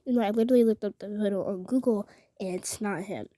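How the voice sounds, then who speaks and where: A woman's voice: mid-range voice, fairly even intonation, a little fast, mellow, dry recording. Indignant young woman, half-whispering. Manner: indignant, often drops to a whisper; rambling, many filler "like"s. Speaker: vlogger. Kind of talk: casual storytelling.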